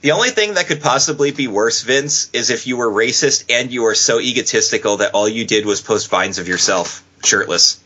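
A man co-hosting a casual podcast, joking with a sarcastic edge. His voice is bright and a bit husky, and the audio is dull and lo-fi. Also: mid-range voice, lively intonation, fairly quick, few pauses. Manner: sarcastic, joking, laughs often. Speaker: podcast co-host. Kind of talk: casual wrestling podcast chat.

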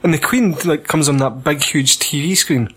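A man's voice: a little high, normal speed, breathy edge. Sweary Scottish man ranting. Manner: sweary, laughing, animated rants. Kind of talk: casual film chat.

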